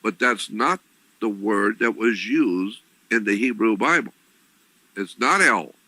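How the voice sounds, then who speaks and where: A man giving an explanatory talk on religion, deliberate and repetitive, often clearing his throat. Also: lowish voice, expressive, pushed and bright, no room sound, rough recording. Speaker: lecturer on religion.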